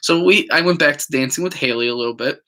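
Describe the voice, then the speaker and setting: This vlogger's voice is fairly high, bright and forceful, and he talks fast. Telling the camera a story from his own life, he rambles loosely with lots of fillers and performs what others said.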